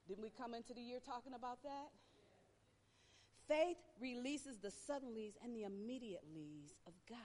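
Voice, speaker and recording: Woman preacher, bright and lively, dramatic storyteller, church-hall echo. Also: a little high. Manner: dramatic storytelling, acting out crowd voices. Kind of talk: sermon. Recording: long reverb of a hall.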